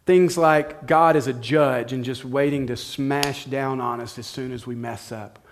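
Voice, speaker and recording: A man's voice: mid-range voice, fairly even intonation, measured pace. A middle-aged man preaching a sermon, telling a personal story in a conversational way and speaking directly to his listeners. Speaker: pastor.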